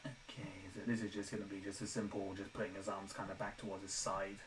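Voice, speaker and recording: A man's voice: low voice, little pitch movement, quick pace, distant mic, noisy background. A young man chatting casually while animating live from his home room, self-deprecating and laughing often, his throat a little dry. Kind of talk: casual live-stream chat. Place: home room, window open.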